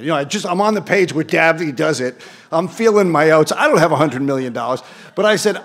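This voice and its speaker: A man's voice: on the high side, lively intonation, fairly quick, fairly bright tone. A man in his sixties gives a speech to an audience at an event. He tells an anecdote with dry, self-deprecating asides. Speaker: award ceremony speaker. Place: event hall before an audience.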